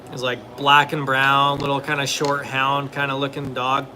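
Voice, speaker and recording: Bright, rambling young man chatting. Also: medium pitch, completely flat delivery, moderate pace, slight background noise. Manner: rambling, filler-heavy, laid-back; answers questions from viewers. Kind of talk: casual chat.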